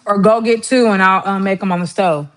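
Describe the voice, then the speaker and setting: A woman's voice: medium pitch, a little fast. Chatty woman telling family stories. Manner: chatty storytelling, laughs often, mimics relatives. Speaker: livestream host. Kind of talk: casual livestream chat while cooking.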